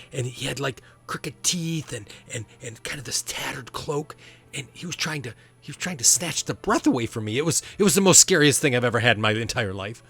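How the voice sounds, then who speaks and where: A man voicing an excitable eight-year-old boy who stammers and gushes. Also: mid-range voice, slightly rough, pitched above the performer's own voice. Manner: stammering, gushing, breathless excitement.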